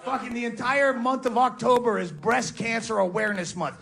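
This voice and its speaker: Gravelly ranting comedian man on stage. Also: very high voice, steady tone, moderate pace, fairly bright tone. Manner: ranting, sarcastic, profane. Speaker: stand-up comedian. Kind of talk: stand-up comedy set. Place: live comedy venue with audience. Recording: live stage recording with crowd.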